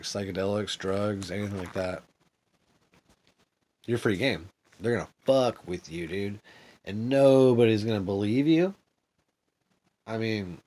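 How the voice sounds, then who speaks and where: A man with a fairly low voice tells a rambling, profane story straight to camera for a vlog. He sounds agitated and paranoid, filling his speech with "dude," "like," and restarts.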